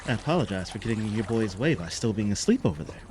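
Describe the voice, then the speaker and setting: A man's voice: lowish voice, very animated, fast talker, darkish tone, a little hiss or hum. A man voicing a friendly, apologetic young woman adventurer in a tabletop role-play, talking in a cheerful and polite way. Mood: polite, curious.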